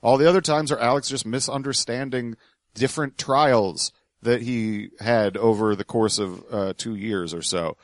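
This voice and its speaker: A man's voice: medium pitch, moderate pace, dry recording. A man co-hosting a podcast, giving sardonic, dismissive commentary on clips. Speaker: podcast co-host.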